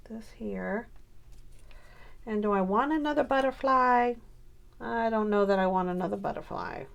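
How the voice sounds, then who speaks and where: A woman's voice: mid-range voice, creaky. A woman scrapbooking on camera, chatting casually and muttering to herself as she works. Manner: self-talking, muttering while working. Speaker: scrapbooking vlogger. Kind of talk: casual crafting chat.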